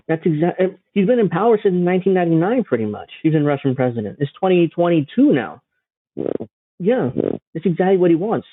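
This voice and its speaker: A man's voice: high-pitched, big pitch swings, brisk, breathy edge, no room sound. A man giving casual, sarcastic reaction commentary on a news clip, mocking and swearing freely. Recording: dry, phone-like narrow sound.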